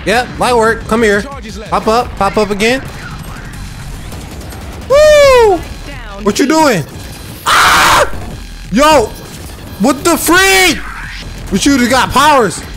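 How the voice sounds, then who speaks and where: A gamer giving excited, trash-talking commentary while playing a shooter game. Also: mid-range voice, normal speed. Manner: hyped, whooping, trash-talking. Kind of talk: live gameplay commentary. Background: faint game music and gunfire.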